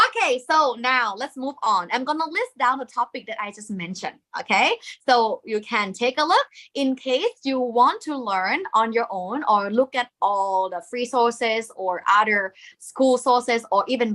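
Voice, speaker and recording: Bright-voiced Thai woman teaching. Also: on the high side. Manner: explains step by step, checks in with learners often; non-native English grammar, sprinkles Thai polite particles. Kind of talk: live online lesson.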